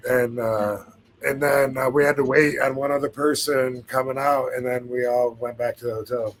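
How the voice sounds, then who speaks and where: A man's voice: mid-range voice, fairly even intonation, normal speed, a little hiss or hum. A man hosting a podcast, telling a story in a laid-back, casual way, swearing freely and laughing now and then. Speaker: podcast host.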